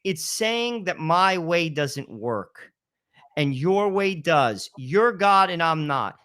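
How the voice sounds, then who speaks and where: A man in his fifties co-hosts a podcast, speaking casually and emphatically about faith and often repeating "listen" and "you know." His voice is fairly high, very animated and smooth, with a slow pace and a sharp tone.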